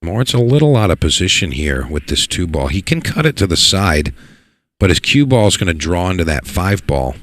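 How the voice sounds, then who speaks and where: A man giving live play-by-play commentary on a pool match, excitable and repeating words for emphasis. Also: sits low, a little fast. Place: pool hall.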